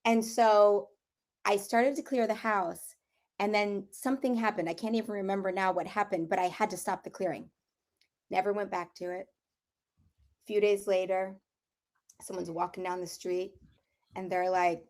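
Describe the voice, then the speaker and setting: A middle-aged woman with a slightly hoarse voice, telling a story in a casual group conversation and acting out what people said. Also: mid-range voice, moderate pace. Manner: animated storyteller, acts out quotes, laughs while telling. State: slightly hoarse, clearing throat. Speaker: property clearing practitioner.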